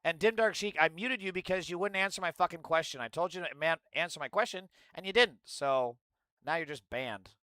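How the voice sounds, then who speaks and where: Man, high voice, bright and edgy, ranting political streamer, swearing a lot. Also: a little fast, no room sound. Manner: profane, ranting, mocking chat. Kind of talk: angry political commentary stream.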